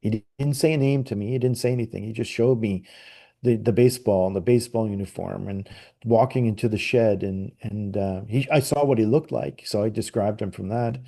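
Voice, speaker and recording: A man's voice: on the low side, fairly quick, creaky, dark tone. A middle-aged man, a guest on a podcast, telling a long personal story in a casual, rambling way with many fillers and restarts. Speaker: podcast guest, psychic medium.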